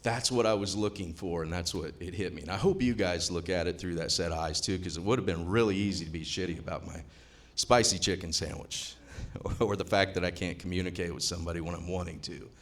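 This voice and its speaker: Deep-voiced profane man. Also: fairly quick, a bit bright. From US Midwest. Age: 50s. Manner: profane, rambling, joking. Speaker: seminar attendee speaking. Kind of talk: casual talk to a live audience.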